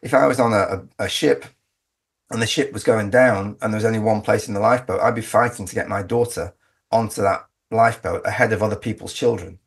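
A man's voice: fairly low pitch, a little fast, vocal fry, breathy edge. A man speaking as an interview guest, making his case emphatically and often restarting his sentences. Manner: emphatic, argumentative, with frequent restarts. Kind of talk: conversational interview.

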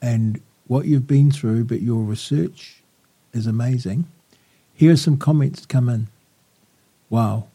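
Effusive New radio host. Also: male voice, mid-range voice, takes it slowly, pauses often, slightly rough. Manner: warm, effusive. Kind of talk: talk radio interview.

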